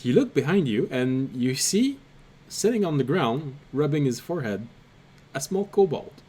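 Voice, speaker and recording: A man's voice: medium pitch, very animated, moderate pace, dark tone, husky. A man narrating a tabletop game as game master, hesitant with many ums and uhs.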